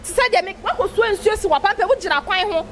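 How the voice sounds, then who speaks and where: A woman's voice: very high-pitched, fast, slight background noise. A woman, a church member giving a street interview, who talks emphatically and keeps repeating her key phrases.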